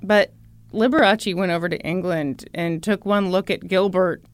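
A woman co-hosting a podcast, telling a story in casual chat with a playful, animated manner. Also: fairly low pitch, normal speed, dry recording. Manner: animated, playful, breaks into laughter. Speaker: podcast co-host.

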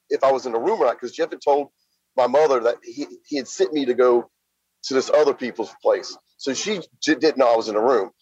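Husky man telling his story. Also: medium pitch, a little mellow, no echo. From Louisiana. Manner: plain-spoken, halting with frequent fillers. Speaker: interview guest. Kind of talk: casual spoken storytelling. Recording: slightly dull lo-fi sound.

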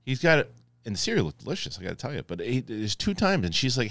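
A man hosting a casual spoiler review, talking excitably and rambling with many restarts. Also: medium pitch, quick pace, no echo, studio quality. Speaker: host reviewing a TV episode.

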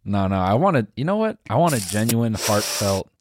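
A young man co-hosting a comedy podcast, goading his partner and tripping over quick restarts. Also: lowish voice, big pitch swings, dry recording, studio quality. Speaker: podcast co-host. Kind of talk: casual comedic banter.

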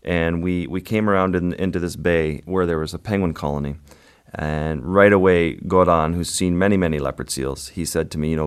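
Man, very low voice, wildlife photographer, unhurried vivid storytelling, interview guest. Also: steady tone, clear, resonant tone.

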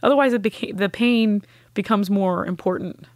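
A woman's voice: mid-range voice, moderate pace, a little mellow, dry recording, studio quality. Earnest woman telling a heartfelt story. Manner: earnest, heartfelt, acts out quoted voices. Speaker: guest sharing a personal story. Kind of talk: emotional personal storytelling.

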